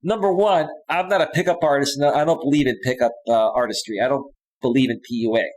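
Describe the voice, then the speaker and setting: A man's voice: medium pitch, fairly even intonation, fast, darkish tone. A man coaching on dating, talking casually on a live stream as he reads out chat comments and reacts to them, often tagging "right?" onto his points. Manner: emphatic, repeats "right?" often.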